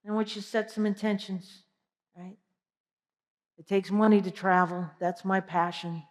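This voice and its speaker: A woman giving an energetic motivational keynote, asking the audience direct questions. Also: medium pitch, normal speed. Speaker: keynote speaker. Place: large conference hall. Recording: long hall reverb.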